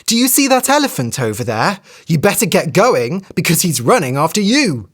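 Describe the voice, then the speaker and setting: A storyteller voicing a wily, cheeky female hare in a children's story, speaking high, chirpy and sly. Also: sing-song, normal speed. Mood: urgent, excited.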